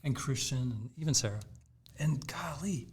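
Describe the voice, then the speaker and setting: A man's voice: mid-range voice, expressive, moderate pace, slight background noise. A man co-hosting a podcast, reminiscing and backing up his partner with short affirmations. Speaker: podcast co-host. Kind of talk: casual podcast chat.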